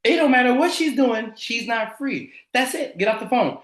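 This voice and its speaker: A man leading a sales team training over a video call, energetic and slangy. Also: extremely high pitch, normal speed, few pauses, echoey room.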